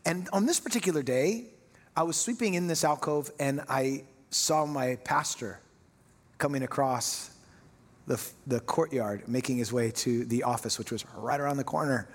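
Husky preacher man in a reverberant hall. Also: mid-range voice, moderate pace. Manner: storytelling, self-mocking with laughs. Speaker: pastor. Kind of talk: sermon.

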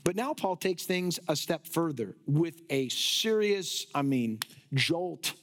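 A male preacher delivers an expository sermon. He speaks in an emphatic, rhetorical way, with a voice that sits high for a man. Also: lively intonation, takes it slowly, fairly bright tone, slight background noise. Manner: emphatic, rhetorical, sometimes laughing at absurd ideas.

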